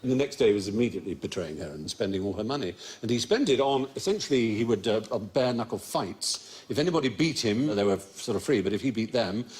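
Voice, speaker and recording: A man's voice: lowish voice, lively intonation, fast, hardly any pauses, darkish tone. A man hosting a comedy quiz show, telling stories with wry, learned asides. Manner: wry, erudite storytelling with asides. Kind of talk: comic panel show banter.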